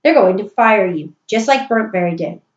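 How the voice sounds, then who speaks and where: A woman's voice: mid-range voice, lively intonation, normal speed, natural voice. A woman voicing an impatient, fed-up wife who rants scornfully. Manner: ranting, scornful, emphatic. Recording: roomy, dull recording.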